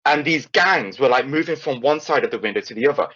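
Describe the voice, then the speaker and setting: Young guy, lively storyteller who swears a lot; dull lo-fi, dry recording. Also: medium pitch, quick pace, dry recording. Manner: animated, swears freely, lots of restarts. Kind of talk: casual anecdote telling.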